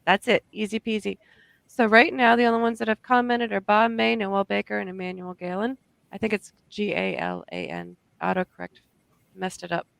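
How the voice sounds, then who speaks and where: A woman hosting a book launch livestream over a video call, brisk and upbeat as she runs a giveaway. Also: medium pitch, lively intonation, vocal fry, fairly bright tone, dry recording. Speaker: livestream host.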